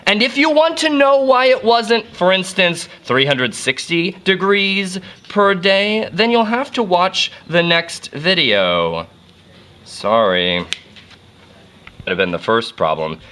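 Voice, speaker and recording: A man's voice: high voice, very animated, slow pace, sharp tone. A man giving a casual, jokey physics lesson full of playful asides. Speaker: physics teacher.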